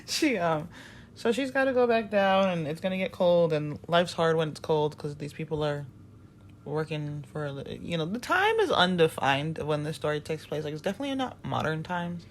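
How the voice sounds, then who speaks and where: A woman's voice: low voice, lively intonation, normal speed, a little hiss or hum. A woman co-hosting a podcast, retelling a musical's plot in a casual, rambling way with plenty of fillers and restarts. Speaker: podcast co-host. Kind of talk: casual chat.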